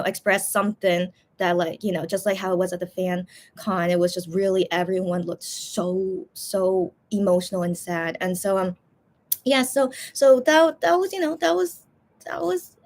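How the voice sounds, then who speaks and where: A young woman chatting casually on a livestream, rambling with many fillers and restarts as she talks emotionally about a concert. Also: mid-range voice. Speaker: livestream host. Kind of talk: casual chat.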